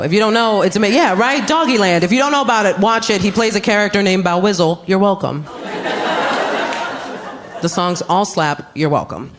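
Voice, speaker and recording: A woman in her thirties doing stand-up comedy, telling stories in a brash, punchy, animated way on a club stage. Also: medium pitch. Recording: live club with noisy audience.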